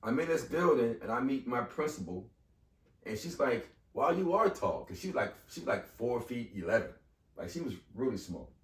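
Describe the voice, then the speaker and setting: Casually conversing on a podcast, a man in his fifties relates something that happened to him, his voice mid-range and his speed normal. He's animated, acting out the voices of the people in the story. It was recorded in an echoey space with the mic well away from him.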